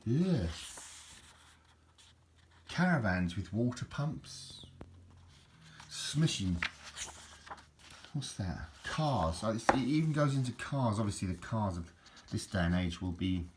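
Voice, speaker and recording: A man chatting casually while leafing through an old repair book, rambling and restarting his sentences. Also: sits low. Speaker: book reviewer. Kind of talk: casual chat. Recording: noisy home recording.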